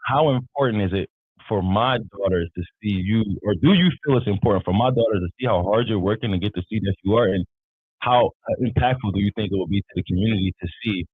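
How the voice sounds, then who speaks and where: A man hosting a live-stream interview, agreeable and halting as he works out his questions aloud. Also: on the low side, slightly rough, no echo. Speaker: interview host. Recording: tinny dry online call audio.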